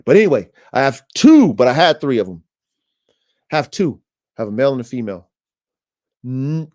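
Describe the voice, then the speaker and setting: Animated man with a lively voice. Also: mid-range voice. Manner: animated, talks straight to listeners as "y'all". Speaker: dog trainer podcast host. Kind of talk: casual livestream talk.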